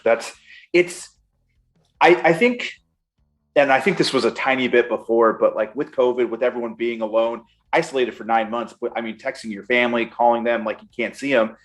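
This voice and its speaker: A man's voice: mid-range voice, moderate pace, faint music behind. A man hosting a podcast, chatting loosely with lots of fillers. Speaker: podcast host. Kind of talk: casual interview chat.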